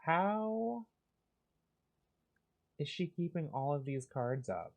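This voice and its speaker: A man giving calm, soft, unhurried commentary as he plays a cozy game for sleepy listeners. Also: a little high, gravelly. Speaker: gaming channel host.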